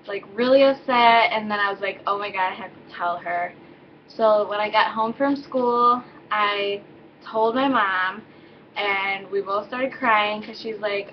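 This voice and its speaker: A woman's voice: medium pitch, fairly even intonation, measured pace, muffled recording, slight background noise. Teen mom rambling through her story. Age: teens. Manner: rambling, many fillers and self-corrections. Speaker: vlogger. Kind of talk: casual personal story. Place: home, indoors with baby.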